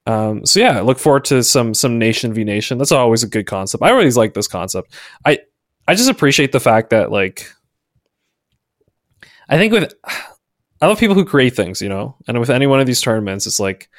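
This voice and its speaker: A man's voice: mid-range voice, very animated, fairly quick, no room sound, clean studio sound. A man hosting a casual chat show, laughing often and hesitating with fillers. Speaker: podcast host.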